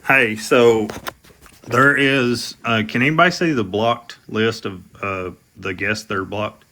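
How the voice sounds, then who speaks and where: A man hosting a casual livestream, his voice bright and forceful and set fairly low. He rambles and restarts his sentences, and fills the gaps with "like" and "um". The sound comes through a simple home-stream mic. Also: unhurried, slight background noise. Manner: rambling, with frequent fillers and restarts. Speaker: livestream host.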